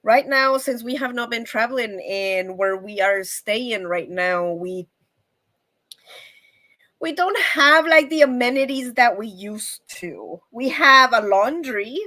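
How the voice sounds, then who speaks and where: A woman's voice: on the high side, expressive, slow pace, sharp tone. A bubbly, effusive woman hosting a casual live stream and chatting with viewers. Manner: bubbly and effusive, with frequent laughs. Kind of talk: casual live chat reading viewer comments.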